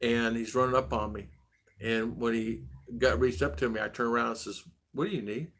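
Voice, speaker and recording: A man's voice: mid-range voice, flat delivery, moderate pace, fairly bright tone. A middle-aged man hosting a casual vlog stream, rambling and repeating himself as he answers viewers with blunt advice. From United States. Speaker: vlog host.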